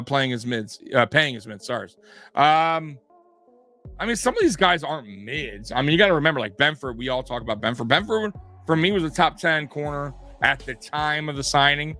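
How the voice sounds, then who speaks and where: Man, casual sports co-host, bright forceful voice, rambling with restarts, swears freely, faint music behind. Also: medium pitch, no room sound. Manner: rambling, profane, many restarts and fillers. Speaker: podcast co-host.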